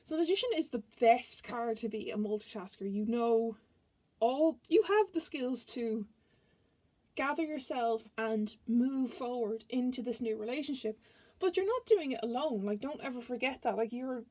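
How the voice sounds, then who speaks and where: A woman with a fairly high voice talks through a tarot reading in a loose, chatty way. She rambles and keeps breaking off to restart her sentences. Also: expressive, normal speed, darkish tone. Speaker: tarot reader.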